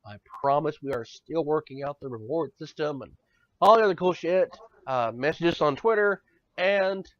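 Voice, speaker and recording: A man's voice: a little high, moderate pace, fairly bright tone, no room sound. A man co-hosting a podcast in casual banter, ranting with profanity and stammering repeats. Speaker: podcast co-host. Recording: dull lo-fi sound, dry.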